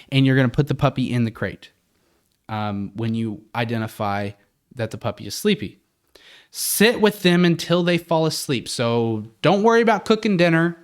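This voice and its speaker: A man who trains dogs, hosting a podcast: he reads out a list of steps, then gives his own opinion in a relaxed, conversational way. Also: a little high, no room sound, studio quality. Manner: conversational, with fillers and restarts. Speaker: dog trainer and podcast host. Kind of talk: casual podcast commentary.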